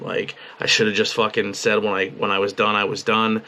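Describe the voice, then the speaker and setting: A young man talking in a personal video journal, halting and emotional, swearing freely as he rambles about his weekend. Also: on the low side, monotone, pushed and bright. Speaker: podcast host and wrestling commentator. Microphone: webcam at a desk.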